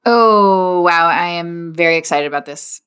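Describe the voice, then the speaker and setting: A woman's voice: fairly low pitch, unhurried, a bit bright, clear, resonant tone. A young woman co-hosting a podcast, chatting casually and teasing her friend. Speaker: podcast co-host. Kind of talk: casual chat.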